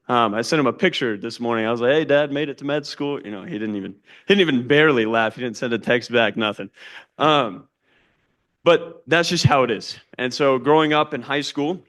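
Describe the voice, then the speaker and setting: Young man, conference speaker, earnest first-person storytelling, mid-pitched, casual fillers. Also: a bit bright. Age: young adult. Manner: earnest, plain-spoken storytelling with frequent "um" and "you know". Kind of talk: personal testimony talk.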